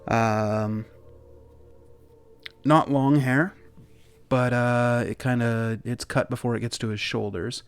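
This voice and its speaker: A man's voice: medium pitch, steady tone, takes it slowly, long pauses, clean tone, soft background music. A man narrating as game master in a casual, rambling way, with many fillers.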